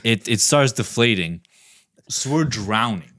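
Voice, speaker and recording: A man's voice: mid-range voice, lively intonation, a little slow, a bit bright, no room sound, clean studio sound. A man on a podcast, rambling through a crude, absurd comic story with lots of swearing. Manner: rambling, profane, tells absurd stories. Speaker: podcast panelist. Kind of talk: casual comedic storytelling.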